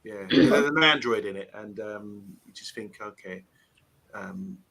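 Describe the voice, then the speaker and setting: A man's voice: lowish voice, measured pace, gravelly, pushed and bright, low-quality recording. A man on a football fan panel, chatting casually and rambling off on tangents. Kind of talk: casual live-stream chat.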